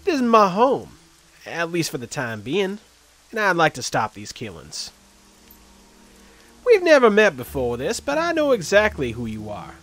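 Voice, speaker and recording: A man's voice: on the high side, wildly swooping pitch, unhurried, pauses often, a bit bright, pitched above the performer's own voice, heavily acted. A man voicing a chatty, cheerful male orc street surgeon in a video game, friendly and joking. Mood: eager.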